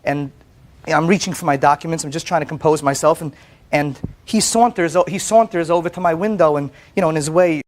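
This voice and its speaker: A man testifying as plaintiff on a courtroom show, telling his story in an animated way, often stammering and repeating words. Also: on the high side, a little fast. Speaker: plaintiff in a TV small-claims case. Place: TV courtroom set.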